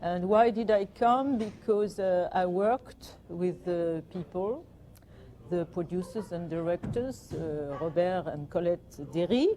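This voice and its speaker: An older woman from France with a French accent, chatting in an interview and telling anecdotes with gentle amusement. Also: fairly low pitch, slow. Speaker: guest, performer. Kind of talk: reminiscing interview.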